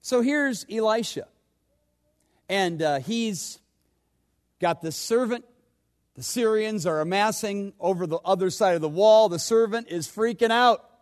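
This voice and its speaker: A man delivers a sermon in a fairly high voice. He swings from loud, urgent questions to hushed, low asides, working the congregation. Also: measured pace, long pauses. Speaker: pastor.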